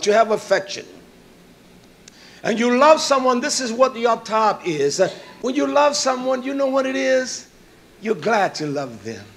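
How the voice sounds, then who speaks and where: A male preacher with a high, lively voice that leaps between loud, emphatic bursts and quiet, soft asides. His delivery swings widely in pitch. A faint hum of noise sits behind him. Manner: emphatic, rising to shouts and dropping to soft asides. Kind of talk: sermon.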